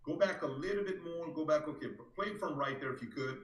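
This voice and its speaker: A man hosts a live political stream, pressing his points hard and repeating them. His voice sits a little high. He sounds set back from the mic in an echoey room. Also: quick pace, recorded from a distance. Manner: emphatic, insistent, repeats for emphasis. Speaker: host of a live reaction stream.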